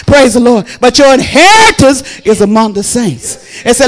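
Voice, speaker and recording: Fervent woman pastor: loud praise calls, hushed storytelling. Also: high voice, animated, moderate pace, few pauses. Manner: drops to quiet, intimate storytelling. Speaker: preacher. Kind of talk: sermon.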